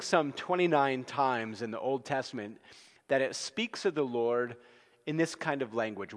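A male pastor preaching an evening sermon, earnest and expressive, dropping from loud to hushed. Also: mid-range voice. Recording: long reverb.

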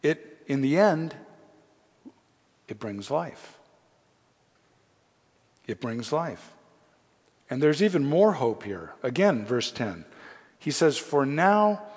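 A man's voice: medium pitch, in a large hall. A man preaching a sermon, reading scripture aloud and pressing its points with earnest, rising emphasis. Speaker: pastor.

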